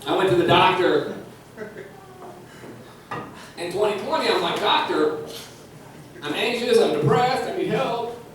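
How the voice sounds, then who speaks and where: Lively young man doing stand-up. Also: high voice, unhurried, pauses often, recorded from a distance, a little hiss or hum. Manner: crude, animated storytelling. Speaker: stand-up comedian. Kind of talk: stand-up set. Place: comedy club stage. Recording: echoey club from afar, loud audience.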